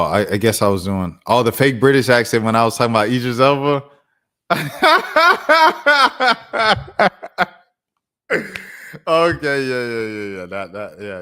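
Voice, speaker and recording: A man hosting a live stream and chatting casually, reacting to news in loose slang and thinking out loud. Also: sits low. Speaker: streamer host.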